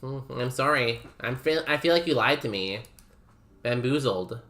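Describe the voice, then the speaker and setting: Expressive and fairly bright, this young streamer speaks at a medium pitch and a measured pace. He makes easygoing conversation with viewers during gameplay, often laughing and leaning heavily on "like."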